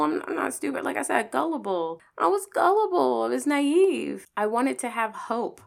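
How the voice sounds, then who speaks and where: A woman telling a candid personal story in a casual monologue, animated, with swearing and acted-out quotes. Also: mid-range voice, creaky.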